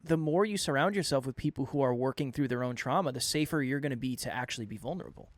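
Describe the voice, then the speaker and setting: A man co-hosting a podcast, speaking in a relaxed, reflective conversational way. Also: mid-range voice, fast, no echo. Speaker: podcast co-host. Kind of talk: casual conversation.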